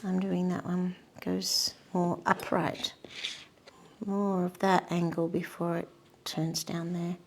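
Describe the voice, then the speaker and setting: A woman giving a painting demonstration, murmuring softly to herself and often dropping to a whisper. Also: lowish voice, completely flat delivery, slow pace, gravelly. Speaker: art instructor.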